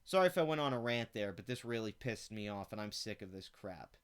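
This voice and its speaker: Speaking fairly quickly with almost no pauses, a man with a low, animated voice and a clean tone rants on his own channel. He reads an article aloud and tears into it with sarcasm, contempt, and heavy profanity.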